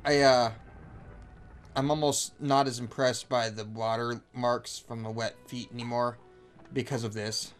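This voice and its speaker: A man's voice: mid-range voice, little pitch movement, unhurried, soft background music. A man co-hosting a let's play, chatting casually and offering joking backseat advice while his friend plays. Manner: joking, offhand backseat commentary. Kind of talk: casual gameplay chat.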